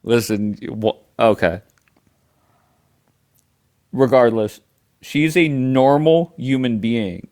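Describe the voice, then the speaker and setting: A man's voice: medium pitch, takes it slowly, pauses often, a little mellow. A man hosting a livestream, arguing heatedly, swearing a lot and talking over his guest. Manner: profane, combative, talks over others. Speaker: livestream host.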